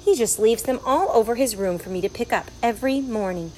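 A woman's voice: fairly high pitch, brisk, a little mellow, a little hiss or hum, close to an everyday voice, rough recording. A woman voicing a fussy, worried housewife and mother in a storybook reading, prim and exasperated.

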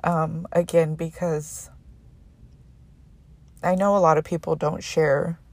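A woman's voice: sits low, little pitch movement, slow, a little mellow, dry recording. A woman hosting a personal faith podcast, talking earnestly and emotionally and often restarting her sentences. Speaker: podcast host.

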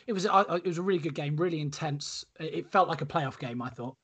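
A man's voice: on the high side, fast talker, fairly bright tone, slightly rough. A man co-hosting a podcast, analysing sport in casual chat with hesitant restarts. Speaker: podcast co-host.

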